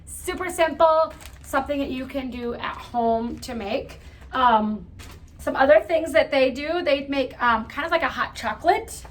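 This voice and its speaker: A woman's voice: high-pitched, unhurried. A woman giving a casual lesson to children, chatty with lots of fillers and asides. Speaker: teacher. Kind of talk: casual classroom lesson for kids.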